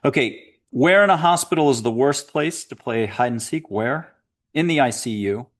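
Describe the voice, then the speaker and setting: A man hosts a guided spiritual talk, speaking straight to his listeners. He keeps the tone playful and upbeat, slipping in jokes and quick asides. His voice sits at an ordinary middle pitch for a man. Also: animated. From United States. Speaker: host and angel intuitive.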